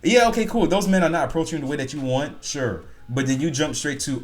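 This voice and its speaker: A man's voice: on the high side, fast talker, soft background music. A man hosting a casual reaction video, talking bluntly and at length and swearing often.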